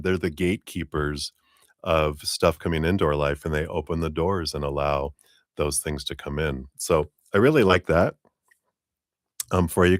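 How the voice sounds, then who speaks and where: A man's voice: low-pitched, dry recording, studio quality. A middle-aged man giving a live-stream tarot reading, rambling and asking "right?" along the way. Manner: rambling, with tag questions and chuckles. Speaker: tarot reader.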